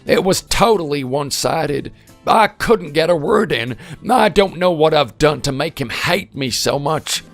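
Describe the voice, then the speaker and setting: A man's voice: on the high side, animated, measured pace, vocal fry, a bit bright, faint music behind, exaggerated voice. A man doing a self-pitying older father-in-law. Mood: forlorn. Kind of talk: voice-acted text story.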